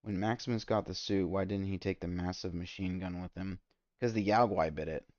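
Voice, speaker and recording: A man streaming a game, ranting in exasperated, profane commentary that spikes loud and high. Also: fairly even intonation, fairly quick, no room sound, highs cut off. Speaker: gaming streamer. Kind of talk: ranting commentary while gaming.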